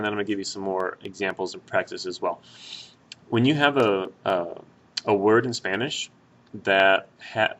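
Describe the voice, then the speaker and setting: A man walks learners through Spanish grammar one step at a time. His lowish voice has a bright, forceful edge. He talks in a patient, casual way and fills pauses with "uh" and "um.". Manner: patient, step-by-step, with many fillers and restarts. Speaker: Spanish teacher. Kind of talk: explaining grammar at a whiteboard.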